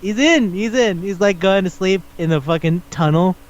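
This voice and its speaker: A man's voice: high-pitched, moderate pace, highs cut off, slight background noise. A man hosting a podcast in casual chat, retelling stories animatedly and acting out the characters' lines. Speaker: podcast host.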